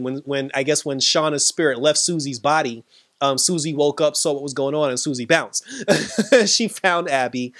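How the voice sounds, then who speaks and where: A man giving a casual, animated recap of a TV episode, acting out what the characters said and laughing often. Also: mid-range voice, dry recording. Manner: animated retelling, quoting characters, frequent laughs. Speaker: TV episode reviewer.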